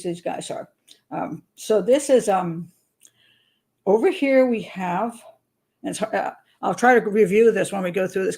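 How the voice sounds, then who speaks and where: A woman's voice: mid-range voice, gravelly, darkish tone. A woman hosting a true crime show, commenting on a case in a chatty, digressive way and laughing often. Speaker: criminal profiler host.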